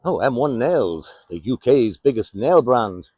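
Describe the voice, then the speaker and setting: A man's voice: medium pitch, big pitch swings, a little slow, a little mellow, husky, dry recording. A man with an English accent giving wry, sardonic running commentary as he walks around a town outdoors. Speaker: vlogger on a town walk. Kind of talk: casual walking commentary.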